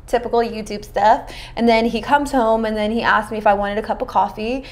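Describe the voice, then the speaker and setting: Young female beauty vlogger, slightly high voice, casual chatty delivery while doing makeup. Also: fairly even intonation, a little fast. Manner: chatty and informal, with lots of "like" and "you know" fillers and slang.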